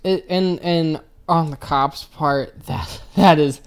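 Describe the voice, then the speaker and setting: Co-host, woman with a low voice, crude and blunt humor. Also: slow pace, clear, resonant tone. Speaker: podcast co-host. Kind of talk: casual chat.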